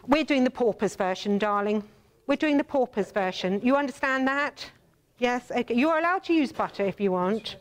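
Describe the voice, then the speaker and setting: Animated English woman hosting a cooking show. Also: a little high, normal speed. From England. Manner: theatrical, bossy, teasing, addresses viewers as darling. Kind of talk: chatty cooking demonstration.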